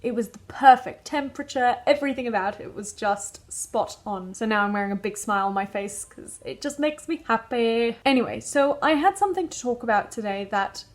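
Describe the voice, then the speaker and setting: Musing vlogger, British accent with Dutch trace. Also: female voice, a little high, lively intonation, brisk, hardly any pauses. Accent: British English with Dutch and Australian traces. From Netherlands. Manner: musing, wondering aloud. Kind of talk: casual chat to camera.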